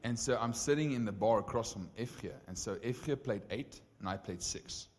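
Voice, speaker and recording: A man with a South African accent, a pastor telling his story to a congregation in a casual, animated way full of "like" and "right?". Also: on the low side, moderate pace, big-room sound. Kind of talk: storytelling sermon.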